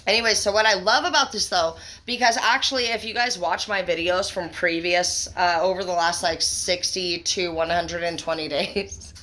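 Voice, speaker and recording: A woman giving a tarot reading to her viewers, excitable and emphatic, swearing freely and calling the listener baby and bro. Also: fairly low pitch, normal speed, hardly any pauses. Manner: excitable, profane and emphatic, gushing praise; affectionate pet names, conversational fillers. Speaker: tarot reader.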